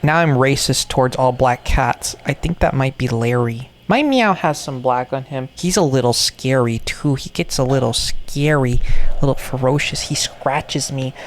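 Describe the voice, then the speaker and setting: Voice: mid-range voice, moderate pace, slight background noise. A speaker giving rambling, jokey reaction commentary on toys, repeating phrases with ironic asides. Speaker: video maker reacting to toy content.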